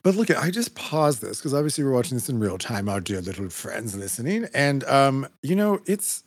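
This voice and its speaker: A man's voice: medium pitch, sing-song, normal speed, husky, dry recording, studio quality. Sassy gushing male co-host. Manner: gushing, sassy, trails off and restarts. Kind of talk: casual chat.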